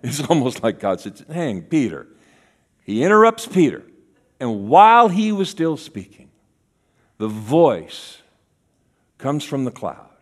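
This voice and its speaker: A man preaching a sermon as a guest speaker, acting out voices in his stories and dropping to a hush for key lines. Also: mid-range voice, a little slow, long pauses. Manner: animated, acts out voices in quotes, drops to a hush for key lines.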